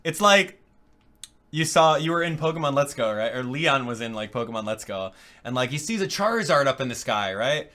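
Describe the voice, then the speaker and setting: Male reaction host, very lively pitch, jokey and rambling, drops to mumbles between bursts of excitement. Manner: excitable, joking, laughs often, rambles with quick asides; drops to low mumbling while clicking around. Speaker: video game reaction host. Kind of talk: casual live reaction commentary.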